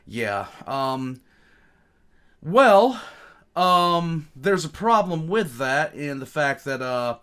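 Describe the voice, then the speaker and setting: The reaction channel host's voice sits a little high, bright and forceful yet clean, with a sing-song lilt and drawn-out words. Speaking into a streaming mic, he chats casually, rambles, pokes fun at himself, and fills gaps with many ums.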